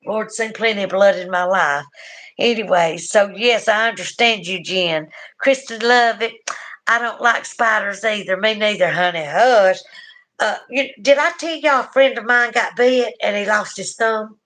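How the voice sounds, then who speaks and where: A woman's voice: medium pitch, moderate pace, pushed and bright. Chatty Southern woman reading comments. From southern United States. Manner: chatty and folksy, with asides to viewers. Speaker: livestream host reading viewer comments. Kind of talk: casual chat.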